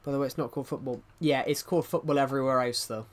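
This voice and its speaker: A man's voice: medium pitch, steady tone, racing. A man chatting casually on a live stream, rambling and often restarting his sentences as he answers chat. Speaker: livestreamer reading chat.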